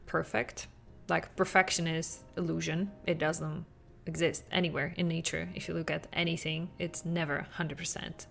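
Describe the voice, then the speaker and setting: Gravelly-voiced woman podcast host. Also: fairly low pitch. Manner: animated, acts out quotes with laughs. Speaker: podcast host, parenting coach. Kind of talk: podcast monologue.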